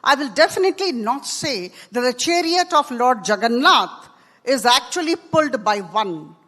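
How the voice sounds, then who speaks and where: A woman with an Indian English accent giving a forceful panel speech, stressing each point and repeating it for weight. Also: high-pitched, expressive, normal speed. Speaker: panel speaker. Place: large conference hall. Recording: long hall reverb.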